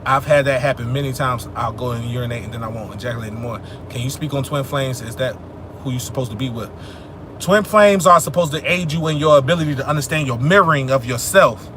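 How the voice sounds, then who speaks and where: A man's voice: medium pitch, fast, a bit bright, a little hiss or hum. A young man hosting a livestream, answering chat questions about spirituality in a loose, profane, streetwise manner, preaching emphatically.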